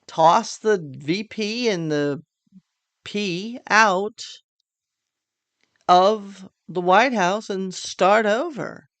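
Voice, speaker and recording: A woman's voice: medium pitch, very slow, no echo. An older woman hosting a casual political monologue, chatty and joking, sounding tired late at night. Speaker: podcast host.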